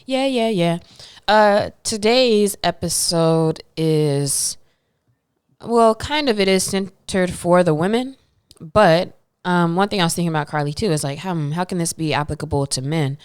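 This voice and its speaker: A woman's voice: on the low side, a little slow, smooth, no room sound, clean studio sound. A woman co-hosting a podcast in casual chat, laid-back and slangy, rambling along with fillers. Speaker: podcast co-host.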